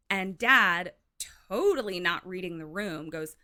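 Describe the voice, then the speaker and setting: A woman co-hosting a podcast, casually retelling a film plot with lots of "like" and quick acted-out quotes. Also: on the low side, expressive, bright, forceful tone. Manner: chatty, heavy use of "like", acts out quotes. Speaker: podcast co-host.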